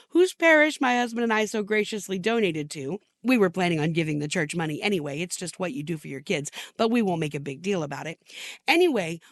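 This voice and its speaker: A woman's voice: on the high side, dry recording, clean studio sound. A woman in her sixties playing an exasperated mother of the bride, telling the story in a sardonic, put-upon way. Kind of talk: comic dramatic monologue.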